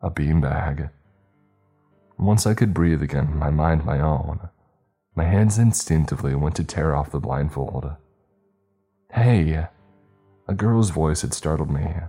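Brief: man, extremely low, dark voice, steady story narration, faint music behind. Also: a little slow, breathy edge. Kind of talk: first-person story narration.

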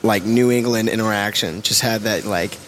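A man chatting casually, telling a story in an animated way and acting out the voices. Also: lowish voice, moderate pace, slight background noise. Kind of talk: casual chat.

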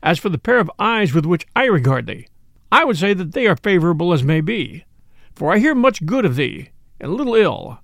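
A proud but poor knight, grave and sorrowful, as a male storyteller plays him, speaking in solemn, formal old-fashioned phrases. The voice is high and lively, with a gravelly texture in a dry, close sound. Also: brisk, no echo, heavily acted. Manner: solemn, formal archaic speech.

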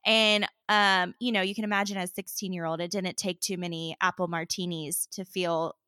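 A woman's voice: on the low side, moderate pace, clear, resonant tone, no room sound, studio quality. Chatty woman telling a story. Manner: animated storyteller, heavy use of "like". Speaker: podcast co-host telling a story. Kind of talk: casual chat among sisters.

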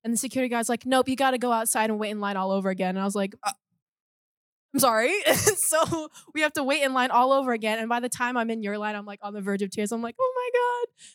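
Chatty young woman with a highish voice. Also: quick pace, clear, resonant tone, no room sound, clean studio sound. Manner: chatty, full of "like", acts out quotes. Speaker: fan telling a story. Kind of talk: casual storytelling.

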